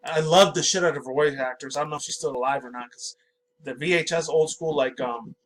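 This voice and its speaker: A young man in his twenties reads a gaming news article aloud, tripping over words and drifting into loud, crude tangents. His voice sits a little high for a man. A faint hum runs under the recording. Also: fairly quick, poor audio. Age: 20s. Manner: profane, excitable, stumbles over words while reading. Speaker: pop culture vlogger. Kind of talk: reading an article aloud with rambling commentary.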